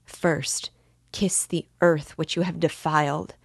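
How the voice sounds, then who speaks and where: A devout young woman implores with fervent urgency, read by a woman. The voice is low and unhurried, with a dry, close sound. It is an audiobook reading. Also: steady tone, gravelly, breathy edge, no echo, heavily acted. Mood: urgent.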